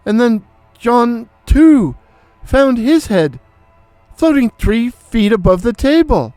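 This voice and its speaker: Slow, high-voiced male horror storyteller. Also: big pitch swings, darkish tone, dry recording, faint music behind. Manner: slow, deliberate, theatrical delivery. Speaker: storyteller, channel host. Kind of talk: dramatic horror story narration.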